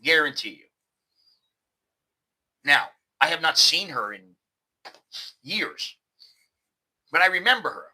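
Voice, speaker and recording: A man with an American accent hosting a casual, animated vlog monologue. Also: fairly high pitch, slow pace, long pauses, low-quality recording. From United States. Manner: animated, conversational, repeats words. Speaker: host.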